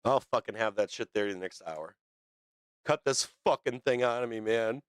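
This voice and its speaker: A man hosting a livestream, talking unscripted with heavy swearing and halting fillers. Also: medium pitch, smooth, no echo, clean studio sound. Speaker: livestream show host.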